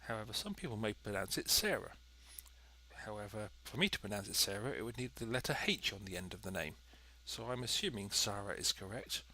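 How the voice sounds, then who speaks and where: A man's voice: fairly low pitch, expressive, fast talker, few pauses, bright, forceful tone. A man giving chatty, dry, methodical commentary while playing a cooking game. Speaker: let's play host. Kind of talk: gameplay commentary.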